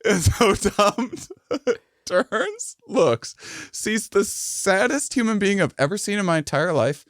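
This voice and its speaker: Slow-talking man telling a story. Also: high-pitched, sing-song, fairly bright tone, no room sound, clean studio sound. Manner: rambling storyteller with many restarts, laughs into punchlines. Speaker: podcast co-host. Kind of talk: comedic storytelling.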